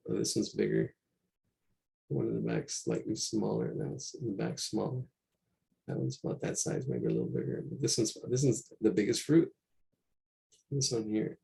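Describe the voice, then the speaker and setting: A man's voice: lowish voice, creaky, a little mellow. A man teaching a live online drawing class, talking casually and repeating himself as he works through a painting on a shared screen. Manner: casual, rambling, repeats himself while working. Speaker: art teacher. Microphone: computer mic during a screen share.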